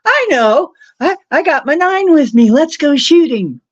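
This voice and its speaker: A woman's voice: high-pitched, animated, a little slow, dry recording, lo-fi sound, voice pushed up. A woman quoting her male companion in a raised, eager voice within a casual story.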